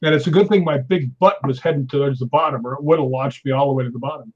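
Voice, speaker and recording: A middle-aged man telling a story in an interview, animated and acting out quoted lines. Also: medium pitch, fast talker, breathy edge. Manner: animated anecdote teller, acts out quotes. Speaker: stunt performer guest. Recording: dull lo-fi audio.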